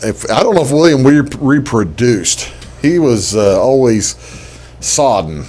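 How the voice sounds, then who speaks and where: A man's voice: mid-range voice, expressive, a little slow, dark tone. A man hosting a casual local talk show, chatty and rambling, with many fillers and restarts.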